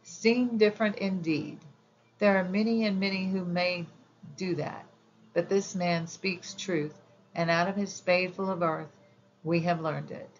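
A woman's voice: fairly low pitch, level tone, moderate pace, dull audio, slight background noise, natural voice. A woman reading the lines of a young fairy prince in a storybook, eager and exclaiming. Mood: joyful.

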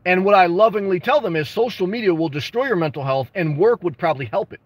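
Blunt, high-voiced man giving advice. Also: fast talker, no echo, lo-fi sound. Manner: blunt, animated, jokey advice with sudden excited outbursts; reads and responds to viewer comments. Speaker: livestream host answering chat. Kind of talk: casual livestream advice chat.

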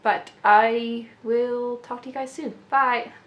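Excitable woman gushing in an echoey room. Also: fairly high pitch, slow pace. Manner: gushing, excitable, laughs often. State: slightly rough throat. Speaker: doll collector vlogger. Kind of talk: casual unboxing vlog. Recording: echoey room with faint noise.

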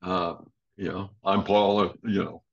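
Older male drummer guest, lively raconteur who acts out quotes, dull lo-fi sound. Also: low voice, unhurried, vocal fry. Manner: animated storyteller, laughs often, acts out quoted voices. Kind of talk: casual interview storytelling. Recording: dull lo-fi audio.

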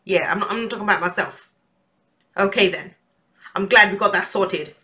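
A woman's voice: medium pitch, normal speed, sharp tone. A woman doing an exasperated comedic rant, swearing often. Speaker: comedy youtuber. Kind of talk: comedic monologue.

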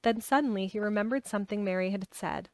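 A woman reading a classic children's novel aloud in a steady, expressive way. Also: medium pitch, fast, dry recording. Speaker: audiobook reader. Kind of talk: storybook reading.

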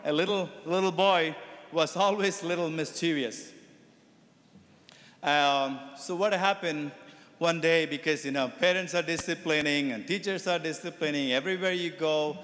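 A man's voice: a little high, moderate pace, fairly bright tone. A man, a Catholic priest, giving a sermon that mixes teaching with a told story. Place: Catholic church. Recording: echoey church reverb.

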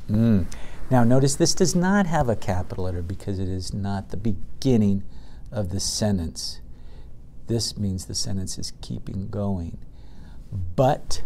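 A man's voice: fairly low pitch, warm tone, a little hiss or hum. A man teaching a reading lesson to young children, patiently sounding out words and reading aloud from a picture book.

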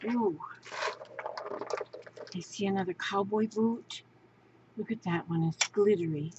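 A woman crafter talks slowly through an unboxing, gushing and exclaiming and often saying things twice. Her voice sits at an ordinary pitch. It comes through a dull, lo-fi home recording with a faint hiss underneath. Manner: gushing, exclaims and repeats herself. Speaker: crafting vlogger. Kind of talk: unboxing show-and-tell.

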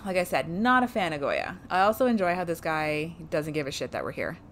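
A woman's voice: low-pitched, lively intonation, brisk, slight background noise. A woman streaming a game playthrough, chatting casually, laughing often and swearing freely. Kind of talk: casual let's-play commentary.

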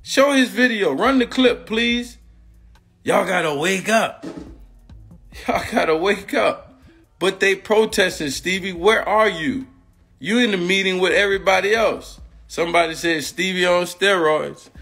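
Agitated man ranting, high bright voice. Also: a little slow, gravelly, husky, soft background music. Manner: agitated, repetitive, confrontational. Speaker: former football player and coach. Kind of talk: heated rant on a live stream.

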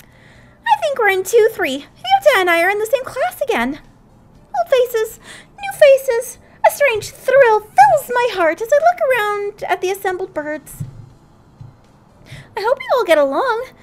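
A woman's voice: very high voice, big pitch swings, unhurried, a little hiss or hum, voice pushed up, full character voice. A woman voicing a cheerful, earnest young schoolgirl heroine, reading a visual novel aloud. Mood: eager. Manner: bright, eager storybook narration.

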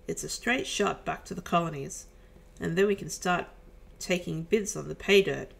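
A woman's voice: lowish voice, moderate pace, gravelly. A woman reading an upbeat ship crew member. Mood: cheerful. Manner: cheerful.

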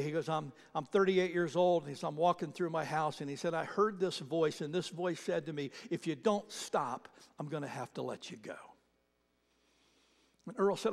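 A man preaching a sermon as pastor, telling stories and retelling other people's words, with frequent restarts. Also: fairly high pitch. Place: church sanctuary. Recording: reverberant church hall.

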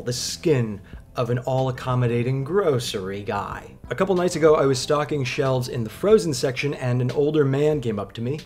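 A man telling stories in a casual vlog, with dry, deadpan humor. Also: mid-range voice. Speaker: vlogger.

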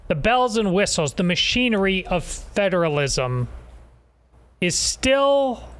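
Male pastor guest, high voice, deliberate and preacherly. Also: a bit bright, smooth. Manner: deliberate, preacherly, rhetorical questions. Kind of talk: talk show discussion.

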